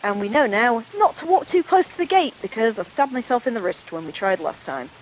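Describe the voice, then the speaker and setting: A woman's voice: on the high side, expressive, brisk, a little hiss or hum, low-quality recording. A woman casually commenting while playing a horror game, chatty and self-deprecating, thinking aloud. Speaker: let's play host.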